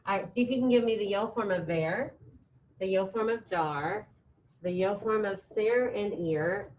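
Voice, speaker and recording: Her voice is lower-pitched and darkish, captured in a low-quality recording with a little hiss or hum. Upbeat, encouraging and chatty, this high school Spanish teacher runs call-and-response drills with students in the room and online.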